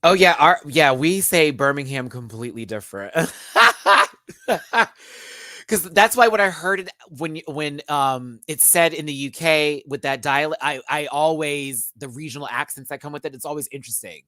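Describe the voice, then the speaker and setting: Male stream host, animated and chatty storyteller, close dry recording. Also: a little high, normal speed, no room sound. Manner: animated, chatty, addresses viewers as y'all. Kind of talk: casual storytelling to a live chat.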